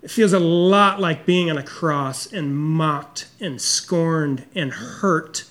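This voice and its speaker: Taking his time, a man preaches as a pastor, sincere and confessional, often going quiet and low when he wants something to land.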